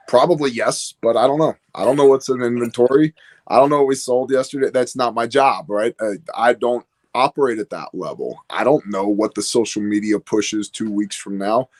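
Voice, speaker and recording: A man talking casually as a podcast guest, rambling and storytelling with lots of fillers. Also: mid-range voice. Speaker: guest, business owner.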